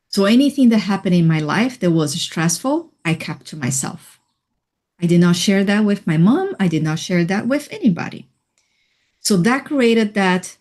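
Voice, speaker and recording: A woman guest on a radio interview, telling a personal story in a soft, reflective way with light laughs. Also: medium pitch, animated, slow pace. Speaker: interview guest, healing coach.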